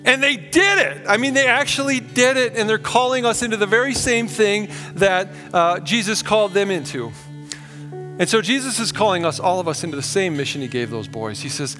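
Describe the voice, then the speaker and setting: A man's voice: sits high, expressive, fairly quick, long reverb tail, music in the background. A man preaching a sermon as pastor, earnest and conversational, acting out quotes as he goes.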